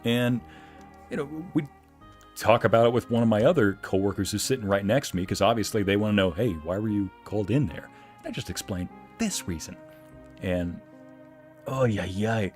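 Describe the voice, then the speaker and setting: At a moderate pace and in a lowish voice, this man chats casually on a game stream while recounting a story. Faint music sits in the background, and he raises his voice animatedly whenever he performs a quote.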